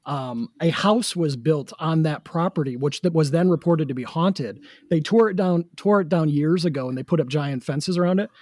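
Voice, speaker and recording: A man's voice: on the high side, normal speed, few pauses, darkish tone, no echo, studio quality. A man from Wisconsin, a guest author and researcher, telling chatty anecdotes with self-mocking humor.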